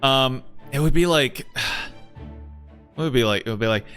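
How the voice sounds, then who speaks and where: A man's voice: medium pitch, a little slow, long pauses, smooth, soft background music. A man streaming a game, chatting casually, joking and swearing as he reads it out. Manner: animated, joking, swears often.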